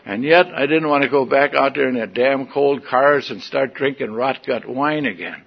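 Older guy with a gravelly voice telling his story at a meeting, folksy and wry, kinda lo-fi. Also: medium pitch, normal speed. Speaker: recovery meeting speaker. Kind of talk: personal testimony storytelling. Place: meeting hall with an audience.

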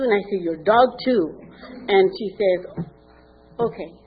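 A woman's voice: a little high, normal speed. Older woman, candid recovery testimony, acts out dialogue, phone-like sound. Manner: candid storytelling with lively quoted dialogue. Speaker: speaker sharing at a recovery meeting. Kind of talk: personal testimony. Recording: tinny phone-like recording with faint noise.

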